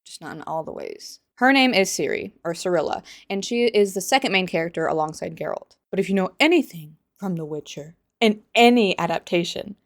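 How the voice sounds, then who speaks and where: A woman's voice: fairly low pitch, lively intonation, fairly quick, gravelly, few pauses, dry recording. A young adult woman giving sarcastic, incredulous commentary in a vlog. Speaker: commentary vlogger. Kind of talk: opinionated commentary.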